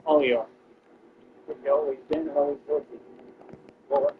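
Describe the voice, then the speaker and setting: A man's voice: fairly high pitch, fairly even intonation, normal speed, background noise. Ranting man, lo-fi audio. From Texas. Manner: boastful, confrontational rant. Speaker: streamer. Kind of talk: ranting to viewers while gaming. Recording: dull lo-fi stream audio.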